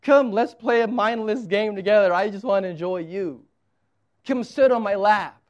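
A man speaking as a gentle, loving father who warmly invites his child close. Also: sits high, moderate pace, muffled recording, lightly acted. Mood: tender. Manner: tender, inviting.

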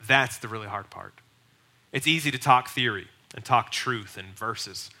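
A pastor in his middle years teaches on sharing the faith. His voice is strikingly bright and sharp, and he speaks earnestly and with emphasis, now and then pressing into raised, urgent stretches. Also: medium pitch, normal speed. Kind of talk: teaching on evangelism.

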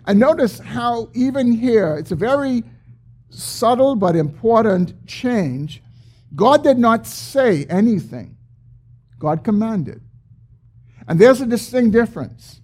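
A man preaching a sermon, explaining a scripture passage with emphatic, drawn-out stresses. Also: sits high, animated, darkish tone, breathy edge. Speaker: pastor.

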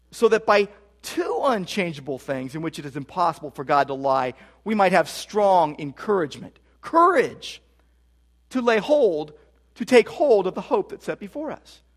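Male pastor with a notably high voice, preaching with emphatic repetition. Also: lively intonation, moderate pace. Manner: emphatic, repeats key phrases for stress. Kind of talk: expository sermon.

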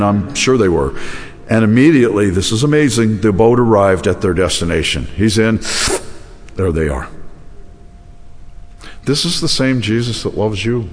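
Low-voiced pastor preaching, self-deprecating storyteller, big church echo. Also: male voice, expressive, moderate pace, long pauses. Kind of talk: sermon. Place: church sanctuary.

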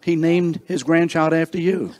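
A seniors breakfast host, an older man, introduces guests individually, teasing and joking while mangling some names. His voice is on the high side and darkish, with a steady tone at normal speed.

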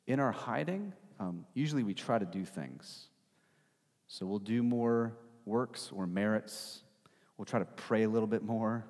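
A man's voice: lowish voice, darkish tone. Emphatic preacher man with echoing hall. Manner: emphatic, rhetorical, tags questions with "right?". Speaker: pastor. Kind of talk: sermon. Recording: long hall reverb.

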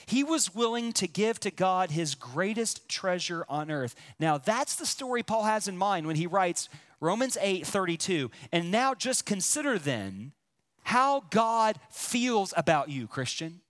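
A man preaching a sermon, speaking to his listeners directly and leaning on emphatic pauses. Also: high-pitched, sing-song, a bit bright. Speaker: pastor.

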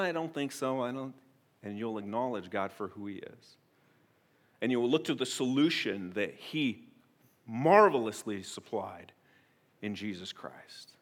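Earnest preaching man, hushed then booming. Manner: swings between hushed, intimate appeals and loud, emphatic declarations; earnest and direct, addressing the congregation personally. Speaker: pastor. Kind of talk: sermon.

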